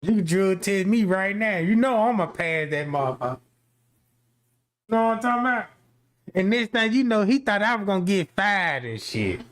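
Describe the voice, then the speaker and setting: A high-pitched man spins a long, profane comic tale about his job. He rambles and restarts, packs his talk with slang and fillers, and keeps his delivery lively. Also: normal speed. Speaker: comic storyteller.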